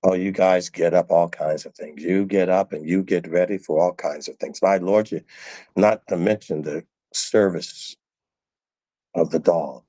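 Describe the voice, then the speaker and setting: A man's voice: low voice, fairly even intonation, measured pace, dark tone, no echo, highs cut off. A male preacher giving a sermon, emphatic and repeating phrases for stress.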